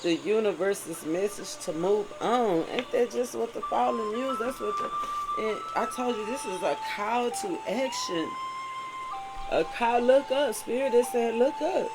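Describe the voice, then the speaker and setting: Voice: mid-range voice, a little slow, rough recording. A tarot reader giving a spiritual monologue. The reader mixes passages read aloud with heartfelt commentary and keeps asking "right?". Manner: preachy, often asks "right?". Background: music.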